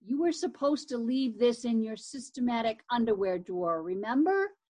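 A woman reading aloud, voicing a brisk, determined older sister in a children's story. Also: on the high side, expressive, a little mellow.

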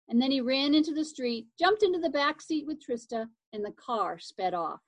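A woman's voice: fairly high pitch, normal speed, hardly any pauses, dry recording. Woman reading a storybook aloud. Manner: lively expressive reading with occasional slips and self-corrections. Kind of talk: reading a children's chapter book aloud.

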